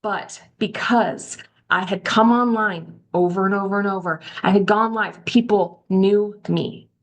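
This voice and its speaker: A middle-aged woman coaching a live online training, telling candid, chatty stories with lively quoted voices. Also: medium pitch, a little slow. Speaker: social media coach. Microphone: video call.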